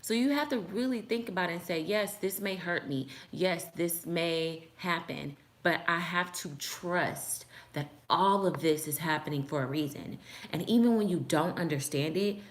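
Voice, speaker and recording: A woman's voice: fairly low pitch, normal speed. A young woman vlogger giving a heartfelt motivational talk to the camera, with frequent "like" fillers.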